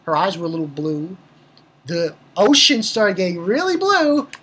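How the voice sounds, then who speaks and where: A woman's voice: lowish voice, sing-song, moderate pace, fairly bright tone, breathy edge. A woman giving a casual, rambling recap of an anime episode, swearing freely and restarting her sentences often. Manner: rambling and profane, with many restarts.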